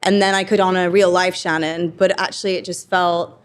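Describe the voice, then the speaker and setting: Chatty English woman, low voice. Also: normal speed, clean tone. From England. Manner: chatty, animated storytelling with quoted asides. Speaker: actor guest. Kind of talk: casual interview chat.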